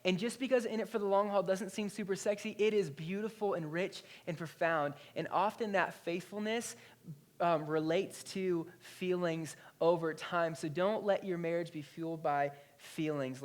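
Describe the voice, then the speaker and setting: A male pastor in his thirties preaching a sermon in a conversational, animated storytelling way. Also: a little high, moderate pace. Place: church.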